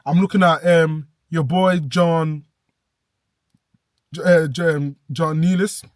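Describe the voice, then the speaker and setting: A young man telling an animated, breathless story in a vlog rant, bursting into shouts now and then. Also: a little high, slow, dry recording, studio quality. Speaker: vlogger.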